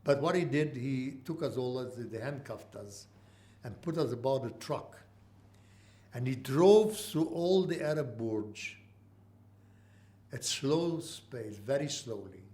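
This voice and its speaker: Older man recounting wartime memories haltingly. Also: mid-range voice, animated, dark tone. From Mandatory Palestine. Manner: halting, with frequent uh pauses and restarts. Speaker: interviewee. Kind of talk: oral history storytelling.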